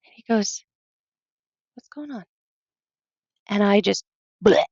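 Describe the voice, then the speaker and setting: A woman guest on a podcast telling a personal story earnestly, halting often and quoting her own thoughts. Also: on the high side, no room sound, muffled recording. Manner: earnest, halting, with many fillers and quoted self-talk.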